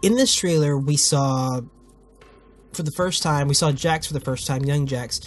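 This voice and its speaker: A man's voice: fairly high pitch, unhurried, faint music behind. A man hosting a casual video commentary who rambles, swears freely and often cuts himself off mid-thought. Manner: rambling, profane, self-interrupting. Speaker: host.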